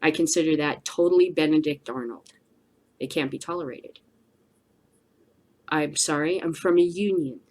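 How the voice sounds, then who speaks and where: A woman's voice: low voice, moderate pace, long pauses, a little mellow. A woman hosting a cannabis news show, giving blunt, emphatic solo commentary with a preachy edge.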